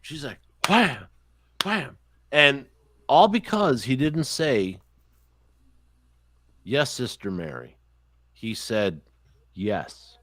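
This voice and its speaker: Profane, animated male storyteller, dry sound. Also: medium pitch, takes it slowly, pauses often, no room sound. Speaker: podcast host. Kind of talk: casual chat, storytelling.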